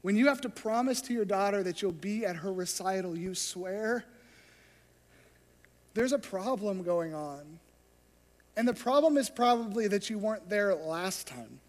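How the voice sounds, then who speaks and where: Storytelling pastor, high voice, echoing hall. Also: male voice, expressive, unhurried. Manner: storytelling, acts out scenes. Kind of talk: sermon. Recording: long hall reverb.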